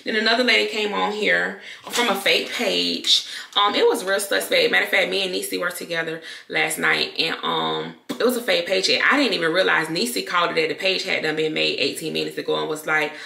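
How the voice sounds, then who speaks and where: A woman YouTuber talking candidly to her viewers, loud and expressive, in casual talk to camera. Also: lowish voice, brisk, vocal fry. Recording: echoey room.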